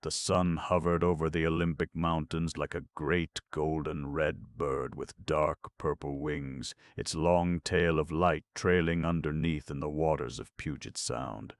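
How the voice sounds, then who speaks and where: A man narrating a classic story for an audiobook in measured, even storytelling. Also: a bass voice, dry recording. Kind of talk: scripted narration.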